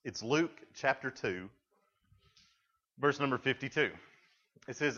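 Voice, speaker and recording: A man's voice: mid-range voice, moderate pace, long pauses, sharp tone. A young man giving a casual youth sermon, chatty and loose, full of fillers, acting out the people he quotes. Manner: chatty, full of "like" and "you know", acts out quotes. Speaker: youth pastor. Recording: dull lo-fi podcast recording.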